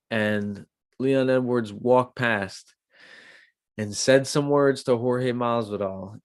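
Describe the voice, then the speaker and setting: A man hosting a casual MMA podcast, chatty and animated, acting out what people say. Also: mid-range voice, no room sound. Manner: chatty, animated, acts out quotes. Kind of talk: casual commentary on a live stream.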